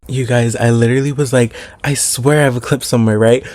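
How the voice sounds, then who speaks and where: A man's voice: medium pitch, fast, hardly any pauses. A young man telling a personal story in a casual vlog, chatty and full of filler words and slang. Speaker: vlogger.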